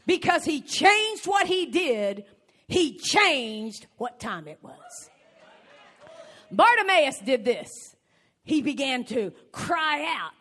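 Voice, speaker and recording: Brief: woman preacher with a bright, ringing voice, emphatic and rising to shouts. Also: high-pitched, sing-song, slow pace. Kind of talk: sermon.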